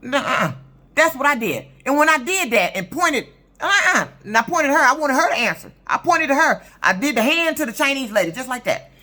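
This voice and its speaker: A woman's voice: high-pitched, very animated, fairly quick, sharp tone. A woman in her fifties, a truck driver, telling a story in an indignant, profane, emphatic rant for her vlog. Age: 50s.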